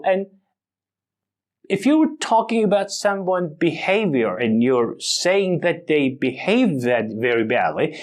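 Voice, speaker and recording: A man teaching an English vocabulary lesson, speaking deliberately and exaggerating the stress on words for emphasis. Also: medium pitch, expressive.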